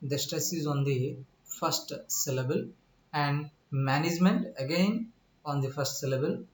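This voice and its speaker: A man teaching English word stress in a recorded lecture, explaining slowly with many pauses, repeating himself, spelling out letters and asking the listener questions. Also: fairly high pitch, a little hiss or hum. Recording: echoey room.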